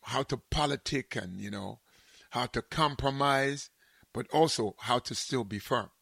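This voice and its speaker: Bright-voiced Jamaican man chatting. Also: medium pitch, a little slow, vocal fry, husky, no room sound. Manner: animated storyteller, slips into patois. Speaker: show host. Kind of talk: casual chat.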